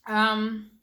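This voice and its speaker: A woman's voice: mid-range voice, pushed and bright. A young woman chatting casually while eating on camera, rambling, giggling and murmuring as she tastes food. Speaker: vlogger. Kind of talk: casual mukbang chat.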